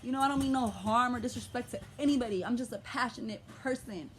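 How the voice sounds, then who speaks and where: A woman's voice: fairly high pitch, fast talker, slight background noise. Passionate, profane young woman venting. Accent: American urban vernacular. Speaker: vlogger. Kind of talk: emotional vlog rant.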